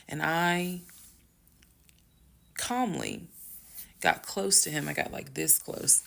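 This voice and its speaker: A woman casually telling her own story to viewers, emphatic and at times fast and loud when she gets heated. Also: deep voice, gravelly. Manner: addresses viewers as "y'all". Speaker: storyteller recounting her marriage.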